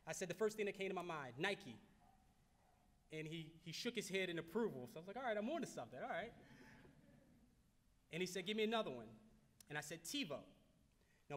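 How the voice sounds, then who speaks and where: Man, 30s, from Baltimore, keynote speaker, earnest storytelling, repeats himself, high voice, long hall echo. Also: a bit bright. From Baltimore, United States. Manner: earnest, repeats phrases for emphasis, frequent restarts. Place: large banquet hall.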